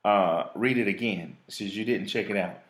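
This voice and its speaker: A man's voice: lowish voice, normal speed. A man hosting a live talk show, reading out a reflective piece in an earnest, preachy way and chatting casually with a phone guest.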